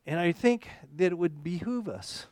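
A man's voice: high-pitched, animated, normal speed, a little mellow, no room sound. A man preaching a conversational sermon, rambling and correcting himself, often checking in with "okay?". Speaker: pastor.

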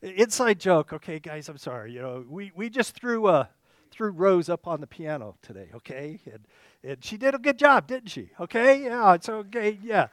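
A man with a notably high voice, preaching to his church congregation. He talks it through casually, stumbling and restarting, and keeps asking "okay?" to check in. The sound is close and dry, with little room echo. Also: lively intonation, moderate pace, fairly bright tone. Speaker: pastor. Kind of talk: sermon. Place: church service.

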